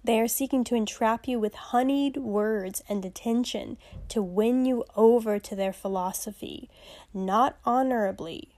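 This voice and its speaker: A woman hosting a podcast, teaching from scripture in a casual, animated way, reading passages aloud and laughing often. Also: fairly high pitch.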